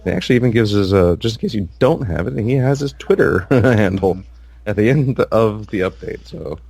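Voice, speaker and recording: A man's voice: on the low side, normal speed, gravelly, a little mellow, no echo. A man co-hosting a casual gaming podcast, rambling with lots of fillers and restarts. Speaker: podcast co-host.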